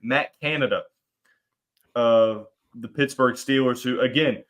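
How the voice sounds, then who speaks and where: A man's voice: medium pitch, slow pace. Joking man hosting a sports podcast. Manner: animated, joking, rambling with restarts. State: has the hiccups. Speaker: podcast host. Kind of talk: casual sports podcast chat.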